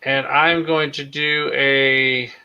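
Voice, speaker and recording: Bright-voiced hesitant male player. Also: mid-range voice, little pitch movement, takes it slowly, slight background noise. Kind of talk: casual game talk. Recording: dull lo-fi sound.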